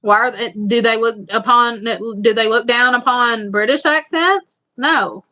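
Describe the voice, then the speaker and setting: A woman's voice: on the high side, unhurried, bright, forceful tone, dull audio. A woman with a strong Eastern Kentucky Appalachian accent, chatting casually and at length to viewers as a livestream host. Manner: rambling, repetitive, chatty. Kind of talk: casual live chat.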